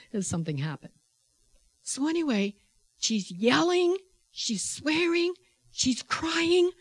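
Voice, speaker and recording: A woman tells a personal faith story with animated expression. She breaks into laughter often and acts out the voices of the people in her story. Her voice is recorded close and dry, with no room echo. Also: fairly high pitch. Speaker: healthcare worker.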